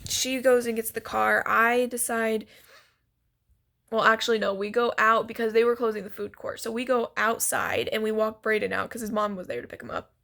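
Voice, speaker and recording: A woman's voice: on the high side, level tone, normal speed, gravelly, a bit bright. A woman telling a story to her vlog in a chatty, giggly way, full of "like" and "so basically," while she is sick. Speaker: vlogger.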